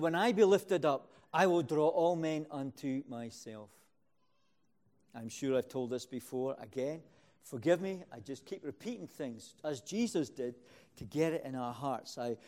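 A man preaching a sermon, starting quiet and building to loud, repeating phrases for emphasis. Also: mid-range voice.

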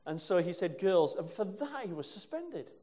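A man's voice: sits high, animated, brisk, darkish tone. A male preacher from England giving a conversational sermon with rhetorical questions and asides. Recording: long hall reverb.

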